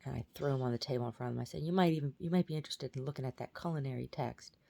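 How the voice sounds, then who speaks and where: A woman's voice: very deep voice, very fast, vocal fry, dark tone. A woman telling about a strange dream in a casual vlog, rambling with many fillers and restarts. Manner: baby talk to her pet dog. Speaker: vlogger.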